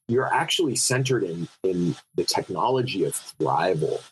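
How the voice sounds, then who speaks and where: A man who is a podcast guest, telling stories in an animated, spiritual way with many fillers, in casual conversation. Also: mid-range voice, slight background noise, low-quality recording.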